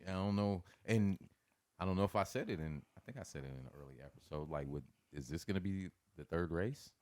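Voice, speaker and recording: A man's voice: sits low, animated, a little fast, darkish tone, dry recording. A man from the Midwest chatting casually on a podcast, laid-back, laughing often and swearing freely. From American Midwest. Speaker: podcast guest. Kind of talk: casual chat.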